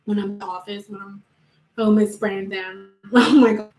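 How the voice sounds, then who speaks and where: In an echoey room, a young woman vlogger with a mid-range voice tells funny stories at a moderate pace. She laughs often, stays animated, and acts out other people's voices when quoting them.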